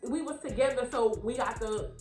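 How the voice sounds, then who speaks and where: A woman's voice: a little high, moderate pace, faint music behind. A young woman from Louisiana, telling a story in a casual vlog and acting out the voices in it. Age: young adult. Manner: animated, acts out the voices in her story. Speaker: vlogger. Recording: roomy echo, faint background beats.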